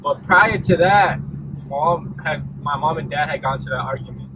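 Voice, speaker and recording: A young vlogger with a slightly high, gravelly voice tells a storytime video at normal speed, laid-back and rambling with lots of fillers. Background noise is audible in the recording.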